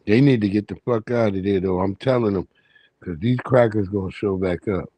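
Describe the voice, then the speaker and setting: A man hosting a livestream, chatting casually with heavy swearing and animated storytelling. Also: fairly low pitch, normal speed, no echo. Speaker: livestream host. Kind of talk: casual chat.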